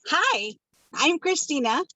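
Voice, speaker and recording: A woman's voice: high voice, sing-song, slow pace, pushed and bright, no echo. A woman in her fifties from California sharing a personal testimonial on a video call, chatty and emotional with many ums. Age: 50s. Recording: dull video call audio.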